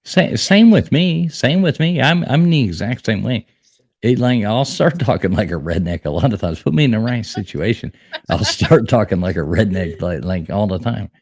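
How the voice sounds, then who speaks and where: Gravelly Southern man, teasing host. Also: lowish voice, moderate pace, no echo. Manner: teasing, laughing, animated. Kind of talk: casual livestream chat.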